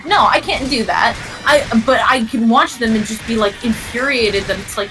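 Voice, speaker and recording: A woman's voice: fairly high pitch, lively intonation, moderate pace, few pauses, over music, rough recording. A woman in a casual gaming chat, talking bluntly and swearing often. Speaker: co-host.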